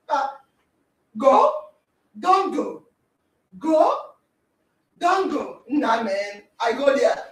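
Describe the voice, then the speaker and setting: A Nigerian woman hosting a podcast, giving a dramatic, animated talk in which she acts out scenes and exclaims. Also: high-pitched, drawn-out words, long pauses. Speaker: podcast host. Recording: echoey room, distant mic.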